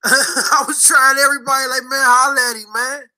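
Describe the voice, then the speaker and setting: A man's voice: very high voice, fairly even intonation, normal speed, pushed and bright, rough recording. A man hosting a casual live stream, loose and joking, with profane banter.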